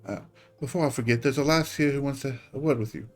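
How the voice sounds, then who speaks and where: A man voicing a hearty old guild official in a fantasy game, fatherly and jovial, with a folksy, gently chiding manner. His voice sits at a middling pitch, and faint music plays behind him. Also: quick pace, lightly acted.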